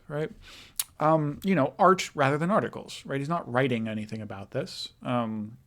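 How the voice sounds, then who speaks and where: A young man giving a recorded history lecture, casual and thinking aloud, with many fillers and self-corrections. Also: medium pitch. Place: in front of a backdrop image.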